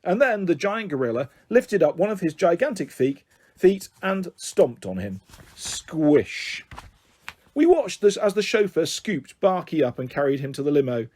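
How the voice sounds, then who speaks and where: A man reading a children's story aloud in an animated, expressive way. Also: high-pitched, moderate pace.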